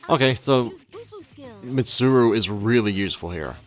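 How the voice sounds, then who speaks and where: A man's voice: medium pitch, moderate pace, faint music behind. A man giving casual, rambling commentary on his own gameplay, often correcting himself mid-thought. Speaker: let's play gamer.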